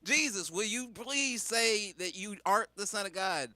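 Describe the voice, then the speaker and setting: Pontius Pilate as a pleading, bargaining governor, put on by a man telling a comedy bit. The voice stays bright and fairly high, much like the teller's own. The sound is dry and close. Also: expressive, normal speed, dry recording, full character voice.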